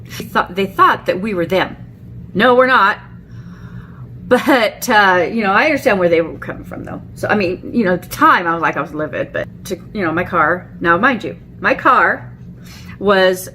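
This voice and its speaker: A woman's voice: mid-range voice, fairly bright tone. Woman, middle-aged, casual storytelling, chatty, acts out quotes, slight background noise. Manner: chatty, many fillers and restarts, acts out quotes. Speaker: beauty vlogger.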